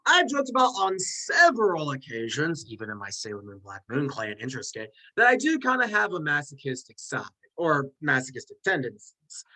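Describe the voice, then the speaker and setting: A host in casual chat who runs through a ranked list of fictional characters, rambling into tangents and quick self-mocking asides. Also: mid-range voice, bright, forceful tone, poor audio.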